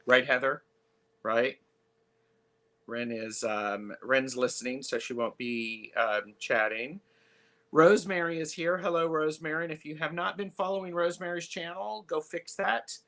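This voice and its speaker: A man hosting a live tarot stream, chatting casually with lots of fillers and pauses. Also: a little high, sharp tone. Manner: chatty, halting, many fillers.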